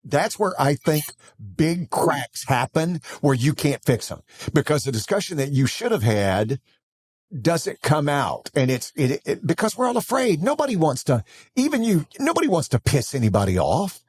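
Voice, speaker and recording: A husky-voiced man hosting a podcast, his pitch swinging up and down as he talks. The sound is close and dry, with no room echo. He speaks in an earnest, conversational way. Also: big pitch swings, moderate pace. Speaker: podcast host. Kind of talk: casual podcast interview.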